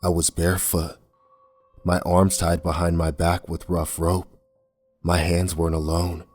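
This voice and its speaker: A man reading a horror story aloud in a somber, measured way. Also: deep voice, flat delivery, darkish tone. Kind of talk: scripted horror narration. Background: faint music.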